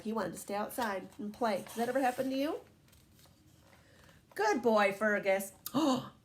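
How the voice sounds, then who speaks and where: A woman reading a picture book aloud to young children, asking them questions as she goes. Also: fairly high pitch. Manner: warm, animated, questions to young listeners.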